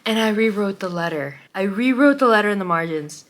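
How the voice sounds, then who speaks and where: A young woman vlogging about a book she loves, tearful and halting, often dropping to a whisper as she fights back crying. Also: medium pitch, lively intonation, fairly bright tone. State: close to crying. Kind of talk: emotional book reaction.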